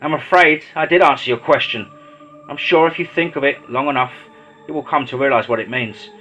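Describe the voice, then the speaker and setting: A man voicing a sinister, controlling male mad doctor in a horror story, speaking in slow, measured, menacing tones. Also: medium pitch, pushed and bright, highs cut off, faint music behind, lightly acted. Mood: lecturing.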